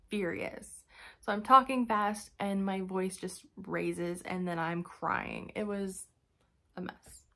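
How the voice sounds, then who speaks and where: A woman's voice: mid-range voice, fairly bright tone. A young woman giving a casual vlog update, telling a story in a chatty, exasperated way with sighs and fillers. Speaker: vlogger.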